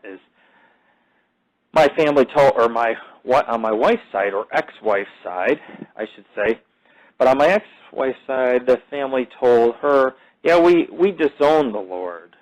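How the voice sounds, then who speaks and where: This podcast host speaks in a mid-range voice, captured on a low-quality recording. He talks casually and at length, cursing often, wandering away from the subject and inflating his own legend. His sentences stall and restart, padded with recurring fillers.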